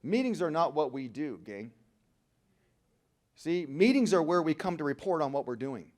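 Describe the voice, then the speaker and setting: A young man speaking to a recovery meeting, telling his story in a slangy, animated way and acting out other people's lines. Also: on the high side, normal speed. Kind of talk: storytelling speech to a crowd. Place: convention hall.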